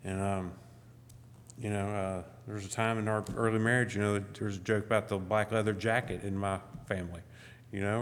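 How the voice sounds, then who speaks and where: Low-voiced man preaching in a reverberant church. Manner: conversational, frequent "you know" and restarts. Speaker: guest speaker. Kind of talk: sermon. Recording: long church hall reverb.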